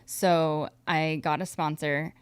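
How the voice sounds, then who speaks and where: Candid woman with a smooth, low voice. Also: flat delivery, no room sound. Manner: candid, fast talking, uses "like" often. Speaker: podcast guest. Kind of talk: emotional personal story.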